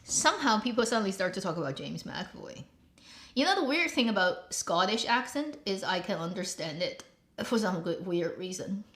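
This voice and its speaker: A woman's voice: mid-range voice, expressive, normal speed, fairly bright tone. A woman hosting her own show, chatting casually in a rambling way and laughing often. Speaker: host. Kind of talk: casual chat. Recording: roomy echo.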